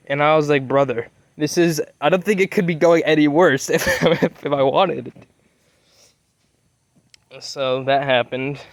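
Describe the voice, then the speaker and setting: A man's voice: medium pitch, smooth, no echo, dull audio. Rambling young man telling a story. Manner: rambling, swears often, loses his train of thought. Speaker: vlogger.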